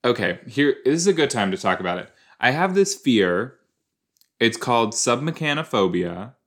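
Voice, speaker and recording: A man with a medium-pitched, fairly bright voice speaks at a moderate pace and is very animated. As a podcast host, he rambles playfully and reacts casually to an episode while watching it, tossing in silly made-up words.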